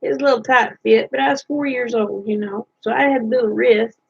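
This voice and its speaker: A woman with a high, slightly husky voice, spinning folksy childhood stories in a chatty way. The recording sounds dull and lo-fi. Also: brisk. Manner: folksy, chatty, laughs at her own stories. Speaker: vlogger. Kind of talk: casual storytelling.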